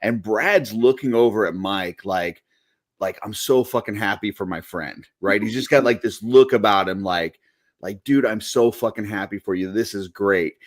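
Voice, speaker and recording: A man co-hosting a podcast in casual chat, relaxed and acting out quotes. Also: lowish voice, normal speed, no room sound, studio quality. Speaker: podcast co-host.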